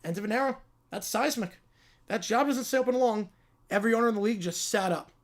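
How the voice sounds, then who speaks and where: A man's voice: high voice, quick pace. A man hosting a live sports reaction stream, casually reading and answering viewer messages. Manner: offhand, reads viewer messages and answers them. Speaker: livestream host.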